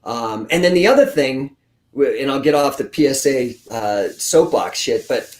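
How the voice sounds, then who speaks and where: In a casual interview with a roomy echo, a grappling coach in his forties swears freely as he tells blunt stories. He speaks at a moderate pace in a mid-range voice and stays animated throughout.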